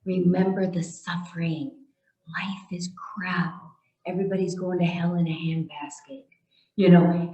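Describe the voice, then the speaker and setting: A female minister giving a sermon in a calm, deliberate way. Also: mid-range voice. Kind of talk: slow sermon. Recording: echoey, distant, dull sound.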